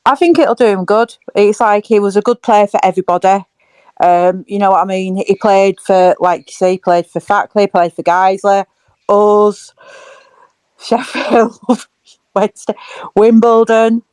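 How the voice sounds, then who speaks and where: Woman, giggly fan-podcast co-host, mid pitch, dry close recording. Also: fairly even intonation, unhurried, a little mellow, clean tone, dry recording. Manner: giggly, chatty storyteller. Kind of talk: casual fan chat.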